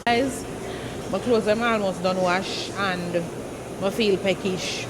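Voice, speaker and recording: A woman's voice: mid-range voice, slow pace, heavy background noise. A young woman, chatting casually to her viewers as she vlogs on snowy streets. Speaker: vlogger. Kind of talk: casual vlog chat.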